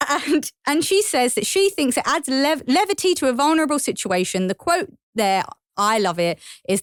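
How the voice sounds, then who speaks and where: A woman from England with an East London accent, chatting on a podcast. Her voice sits fairly high and moves all over the place as she tells a story, and she laughs often. The sound is dry and close. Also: lively intonation, moderate pace, few pauses, no room sound. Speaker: podcast guest. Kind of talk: casual chat.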